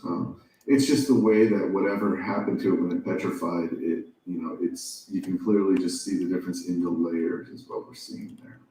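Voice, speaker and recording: A man with a deep, flat voice explains hesitantly. He sits far from the mic in a very echoey room, so his words ring out. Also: normal speed. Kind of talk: casual chat.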